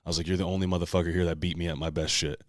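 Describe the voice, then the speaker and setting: A man with a low, deep voice tells a story in casual podcast chat, swearing freely and shouting out the lines he said back then. The sound is dry and close, with no room echo. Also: flat delivery, rapid-fire. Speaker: podcast host.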